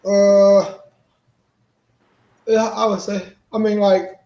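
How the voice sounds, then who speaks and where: Mellow hesitant man in an echoey room. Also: high voice, flat delivery, drawn-out words, lo-fi sound. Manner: hesitant, many fillers. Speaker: panel guest. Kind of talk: casual chat.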